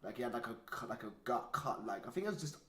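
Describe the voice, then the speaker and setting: A man's voice: mid-range voice, lively intonation, quick pace, fairly bright tone. A young man, casually telling a profane story and peppering it with "like". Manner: swearing storyteller, heavy use of "like". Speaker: podcast co-host. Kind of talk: casual chat. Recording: echoey room.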